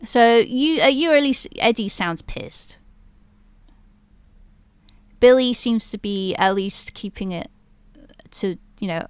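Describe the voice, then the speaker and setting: Woman GM, loose, rambling narrator; smooth, dry and close-miked. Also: a little high, animated, slow pace, long pauses, no echo. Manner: rambling, filler-laden description. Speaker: game master. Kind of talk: narrating a tabletop game.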